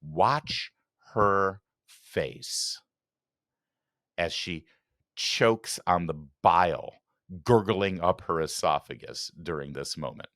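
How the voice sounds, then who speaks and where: A man's voice: low-pitched, slow pace, long pauses, a bit bright, dry recording, studio quality. A man hosting a political commentary show, talking with sarcastic, mocking asides. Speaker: talk show host.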